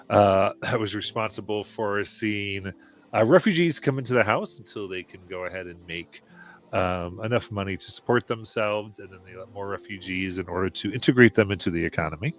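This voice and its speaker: A man narrating a tabletop game as game master, halting often with filler sounds. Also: lowish voice, a bit bright.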